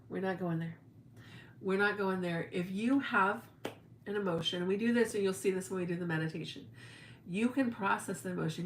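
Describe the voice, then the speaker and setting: A woman's voice: fairly low pitch, roomy sound, slight background noise. A middle-aged woman hosting a casual spiritual livestream, talking in a chatty, emphatic way and acting out the people she quotes. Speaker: spiritual teacher, livestream host.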